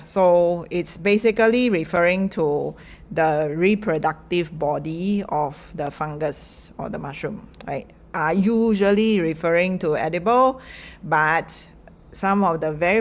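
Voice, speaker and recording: Slow and fairly low-voiced, a middle-aged woman gives an informal lecture in a chatty style, full of fillers and light laughs.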